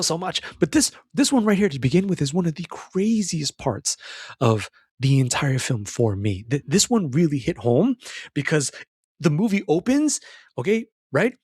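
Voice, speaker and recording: A young adult man with a high, husky voice hosts a casual monologue about a film, aimed at men as a self-help commentator. He rambles and calls the listener "brother," and the sound is clean studio quality with no echo.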